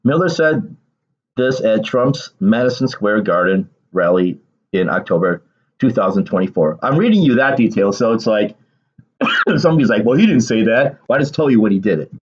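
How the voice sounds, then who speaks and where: A man's voice: on the low side, lively intonation, moderate pace, muffled recording. A man doing casual political commentary on his vlog, reading aloud and then ranting emphatically with bursts of laughter.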